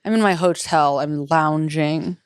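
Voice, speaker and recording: A woman co-hosting a podcast tells a story in casual conversation, her low voice unhurried and smooth with no room sound. She swears freely and acts out what people said, keeping the storytelling profane and animated.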